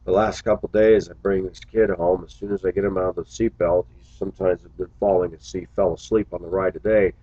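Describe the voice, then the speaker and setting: A man's voice: low voice, steady tone, a little fast, hardly any pauses, warm tone, no echo, lo-fi sound. A man who drives a school bus, talking earnestly to his viewers in a casual, reflective monologue full of little stories.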